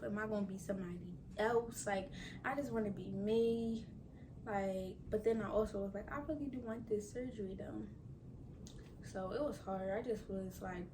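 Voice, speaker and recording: A woman's voice: mid-range voice, recorded from a distance, background noise. A woman in her twenties chatting casually to her viewers, telling a story and acting out her own thoughts while recovering from surgery. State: recovering from surgery, can't bend down. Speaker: vlogger. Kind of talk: casual chat to camera.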